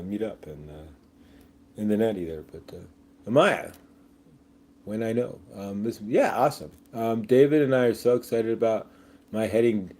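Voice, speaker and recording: A man's voice: lowish voice, a little mellow. A man hosting a casual livestream, rambling with many fillers and jokey asides, reading viewer comments aloud. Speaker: livestream host.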